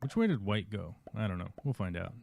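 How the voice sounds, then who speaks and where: A man's voice: on the low side, very animated, a little fast, creaky, narrow, tinny audio, a little hiss or hum. A male streamer giving casual, wry commentary while he plays a strategy game live.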